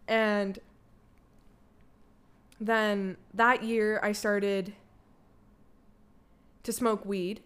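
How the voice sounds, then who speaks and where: A young woman with a Canadian accent tells her own story in a casual, rambling way. She leans on filler words and swears freely. Her voice is smooth and resonant, sitting at an ordinary middle pitch for a woman. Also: flat delivery, drawn-out words, pauses often, a bit bright. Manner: candid, loose and chatty, heavy filler "like", swears freely. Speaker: guest, daughter of the host.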